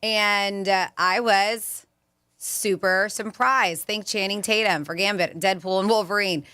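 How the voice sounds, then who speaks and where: A woman's voice: mid-range voice, fairly even intonation, measured pace, pushed and bright, dry recording. A woman co-hosting a radio show in casual chat, reading a survey list and laughing now and then. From Florida. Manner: chatty, laughs, reads off a list. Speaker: radio co-host.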